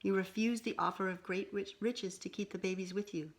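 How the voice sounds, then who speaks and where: Mother Moonshower, a gentle moon spirit, as a woman reads her. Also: medium pitch, steady tone, fairly quick, close to an everyday voice. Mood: tender.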